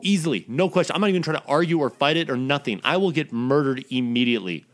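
A man's voice: a little high, animated, fast. A man delivering a profane, blunt, exasperated ranting monologue as the host of his own recording.

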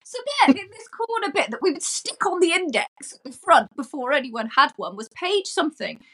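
A woman's voice: sits high, very animated, brisk, fairly bright tone. A woman guesting on a podcast, telling stories in a chatty way and laughing as she talks. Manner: chatty storyteller, laughs while talking. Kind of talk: casual chat.

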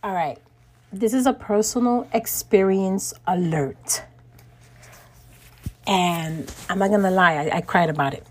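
A woman in middle age talks straight to her podcast listeners, telling a story from her own life. Her delivery is casual and animated, turning indignant in places, with frequent laughter, and her voice sits at an ordinary mid pitch. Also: a little slow, long pauses. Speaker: podcast host.

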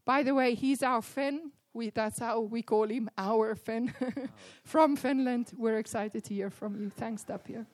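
A woman's voice: fairly high pitch, steady tone, a little slow, few pauses, no room sound. A woman introducing a guest speaker at church in an earnest, encouraging way. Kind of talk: pastoral introduction.

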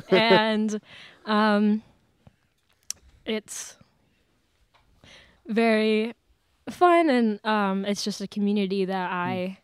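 A woman's voice: mid-range voice, steady tone, drawn-out words, pauses often, clean tone, no echo. A woman in her late teens, a podcast guest, chatting casually with lots of fillers and laughs. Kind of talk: casual chat. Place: church studio.

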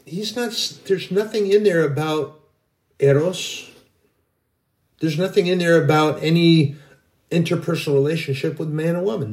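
This middle-aged man speaks at a moderate pace with a fairly high but darkish voice. He's a Christian video preacher delivering an informal, rambling sermon, earnest and full of restarts.

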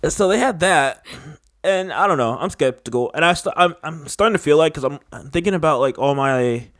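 A man's voice: fairly high pitch, animated, fairly quick, fairly bright tone, no room sound. Rambling skeptical young-sounding man, dry mic. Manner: rambling, many "like" fillers, skeptical. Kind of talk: casual chat.

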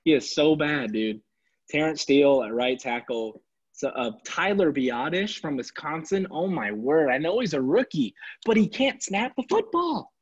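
A man ranting casually and sarcastically about his football team, exasperated and animated. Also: a little high, normal speed, breathy edge. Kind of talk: casual sports rant. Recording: dull lo-fi recording.

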